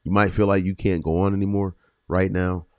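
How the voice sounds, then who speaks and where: A man with a very low voice speaks earnestly as a faith podcast host. He repeats his phrases and leans on slow, emphatic pauses. The sound is dry and close, with no room around it. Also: level tone, clean tone, dry recording. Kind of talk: encouraging faith podcast talk.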